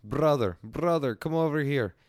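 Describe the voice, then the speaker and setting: A man's voice: normal speed, no echo, studio quality, close to an everyday voice. A man voicing a pushy male mall kiosk salesman who insistently calls customers over. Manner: insistent, beckoning sales pitch.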